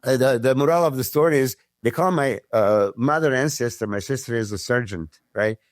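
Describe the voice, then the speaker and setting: A man, a podcast guest telling stories in casual chat, animated, swearing freely and acting out what others said. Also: medium pitch, fairly quick, no room sound, studio quality. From Serbia. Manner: animated storyteller who swears freely and acts out quotes. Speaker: podcast guest, former pro bodybuilder.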